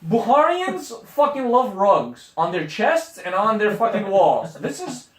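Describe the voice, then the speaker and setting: A man's voice: high-pitched, very animated, measured pace. A man in his forties co-hosting a casual podcast, telling stories in a brash, profane way and laughing at his own jokes. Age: 40s. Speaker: podcast co-host. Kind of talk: casual chat. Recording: roomy sound from a distant mic.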